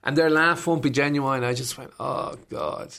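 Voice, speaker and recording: A man's voice: fairly high pitch, brisk, creaky, clear, resonant tone. An Irish man in his fifties, a stand-up comedian chatting in an interview and acting out voices as he tells stories. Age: 50s. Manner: animated storyteller acting out voices. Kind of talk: casual interview chat.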